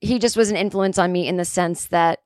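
A woman comedian hosting her podcast, telling a long story in a chatty way, with lots of fillers and sudden jumps in pitch when she gets excited. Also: brisk, no echo, clean studio sound. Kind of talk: casual storytelling monologue.

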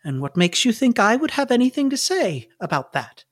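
Man voicing a tiny elderly nun, motherly, high and gentle. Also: sing-song, brisk, slightly rough, exaggerated voice. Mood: kindly. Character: little old nun, kind and motherly.

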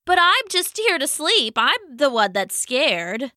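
A woman's voice: high voice, big pitch swings, slow pace, pushed and bright, dry recording, clean studio sound, voice pushed up, exaggerated voice. A woman voicing a shy, tearful young monster in a spoken storybook, sniffling and apologetic. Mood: timid, tearful.

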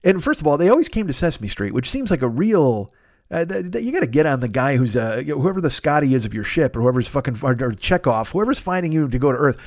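A middle-aged man rambles through a comic podcast monologue, swearing freely and tossing in goofy sound effects. His voice sits a touch high for a man. The sound is dry and close, with no room around it. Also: big pitch swings, fast, no room sound. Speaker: podcast host.

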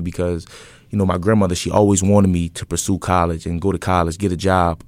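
A young man in his twenties with a very low voice tells his own story to an interviewer. He talks casually and earnestly, often pausing on fillers and restarting his sentences. The sound is dry and close to the mic. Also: little pitch movement, dry recording. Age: 20s. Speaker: interview guest, entrepreneur.

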